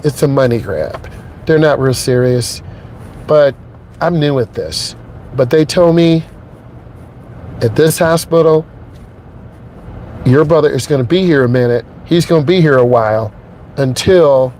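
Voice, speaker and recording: Driving in his truck, a middle-aged man who works as a driving instructor speaks to his viewers earnestly and emotionally, visibly shaken. His voice is mid-range and a little mellow, and he repeats himself, asking "okay?" over slight background noise.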